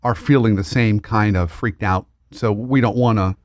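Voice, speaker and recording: A man's voice: on the low side, normal speed, dry recording. A man hosting a podcast, asking questions in a playful, conversational way. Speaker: podcast host. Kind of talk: podcast interview.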